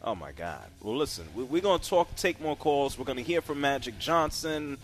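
A man's voice: mid-range voice, expressive, moderate pace, soft background music. A man hosting a sports radio show in casual, conversational talk, trailing off and sighing as he goes. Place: radio studio. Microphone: studio mic.

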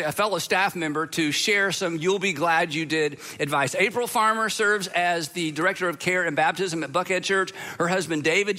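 A male pastor opens a sermon series in a church auditorium. His voice sits high and bright for a man. He talks casually and conversationally, with frequent fillers. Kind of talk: sermon introduction.

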